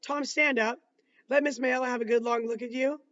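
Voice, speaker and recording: A man reading aloud, voicing a calm, patient lawyer cross-examining a witness in measured questions. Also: extremely high pitch, dull audio. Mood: probing.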